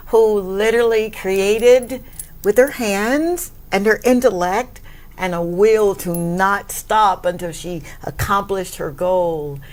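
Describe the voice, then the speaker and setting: A woman hosting a talk show, effusive and grateful, laughing often and breaking into high exclamations. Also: fairly bright tone. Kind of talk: warm talk show interview.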